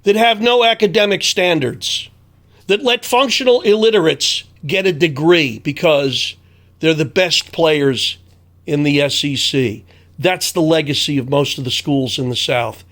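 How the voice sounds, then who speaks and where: Male sports ranter, high-pitched voice, heated, sarcastic and foul-mouthed. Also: measured pace, fairly bright tone. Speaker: sports commentator. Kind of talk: angry ranting commentary.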